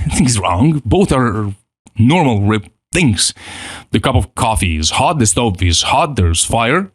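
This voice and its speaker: An animated man coaching a self-help lesson, his pitch swinging widely as he acts out little inner voices. He repeats and restarts as he teaches. The sound is dry and close, with no room echo. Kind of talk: motivational teaching.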